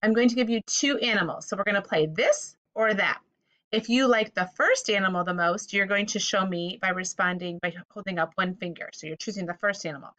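A woman's voice: mid-range voice, fairly quick, a bit bright, poor audio. A woman teaching a vocabulary lesson for children, patiently repeating each word and inviting the listener to say it back.

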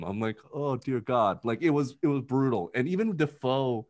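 A man in a casual podcast chat, rambling through his take on a film with a steady stream of filler words. He talks at an ordinary middle pitch and keeps breaking into quick impressions as he goes. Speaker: podcast co-host. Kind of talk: casual movie review chat.

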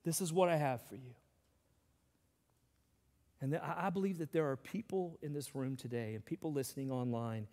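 A middle-aged man preaching a sermon as pastor, swinging between loud emphasis and hushed, quiet passages. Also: on the high side, normal speed, long pauses. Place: large church hall. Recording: long hall reverb.

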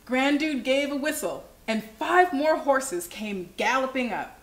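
A woman hosting a children's livestream, reading a picture book aloud with animated expression. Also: high voice, unhurried. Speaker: children's show host. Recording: echoey room.

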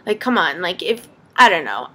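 A young adult woman vlogging, telling a story in a casual, animated way, laughing often and saying "like" a lot. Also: fairly low pitch, moderate pace.

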